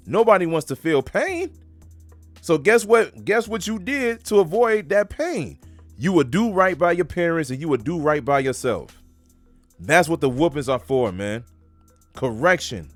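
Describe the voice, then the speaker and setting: Man, preacher, casual preaching, emphatic, street-talk phrasing, slightly high voice, dry close sound. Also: no room sound. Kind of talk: casual preaching with scripture reading.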